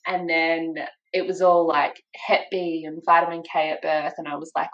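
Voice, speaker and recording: A woman's voice: low-pitched, level tone, moderate pace, a bit bright, muffled recording. A young Australian woman, a podcast guest, telling her story in a casual interview and acting out the people she quotes.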